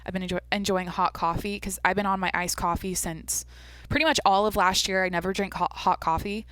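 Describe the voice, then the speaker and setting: A woman's voice: medium pitch, steady tone, fairly quick, a bit bright, no echo. A woman hosting her own podcast alone, chatting casually, rambling, restarting her sentences and swearing freely. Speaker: podcast host. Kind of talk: casual solo chat.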